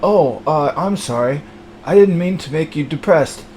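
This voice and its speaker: A man voicing a meek, apologetic man who mumbles low and quiet. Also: lively intonation, unhurried, slight background noise. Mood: sheepish.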